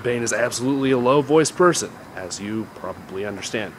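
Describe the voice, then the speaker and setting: A man's voice: lowish voice, lively intonation, fairly quick, a little hiss or hum. Man rambling through a casual tutorial outdoors. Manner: casual, rambling and self-correcting. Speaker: voice impression tutor. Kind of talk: improvised spoken tutorial. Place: outdoors, walking down a street.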